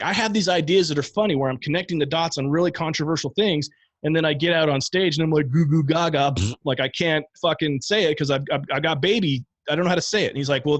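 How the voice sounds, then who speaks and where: A man's voice: mid-range voice, fairly bright tone, dry recording. A man talking candidly about learning stand-up comedy, rambling with restarts and casual swearing. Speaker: podcast guest, stand-up comic. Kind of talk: casual conversation.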